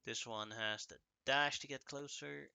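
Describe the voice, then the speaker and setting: A man running a tabletop game as game master, narrating and explaining rules briskly. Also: mid-range voice, steady tone, creaky, sharp tone, clean tone, no room sound.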